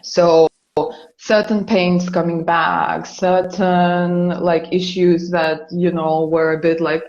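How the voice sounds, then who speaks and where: A woman in a casual, reflective conversation, talking in a halting, searching way with many fillers and restarts. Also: on the low side, little pitch movement, a little mellow, reverberant, dull audio. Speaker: guest or co-host in a spiritual conversation.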